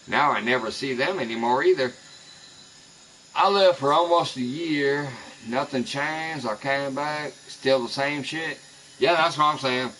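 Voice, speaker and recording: A man broadcasting live from his home in the American Midwest unleashes a heated, expletive-heavy rant at people he says are lying about him. His mid-range voice sounds pushed and bright. The recording is low quality with a slight hiss or hum.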